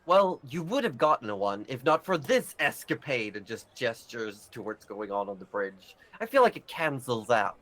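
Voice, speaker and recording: A man's voice: medium pitch, very animated, normal speed, few pauses, fairly bright tone. A man with an Australian accent voicing a weary, overworked female town official, dry and exasperated.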